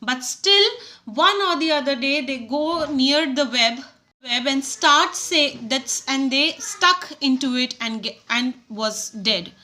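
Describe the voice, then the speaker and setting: High, bright teacher. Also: female voice, animated. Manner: halting, with many restarts and fillers. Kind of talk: explaining a poem to schoolchildren.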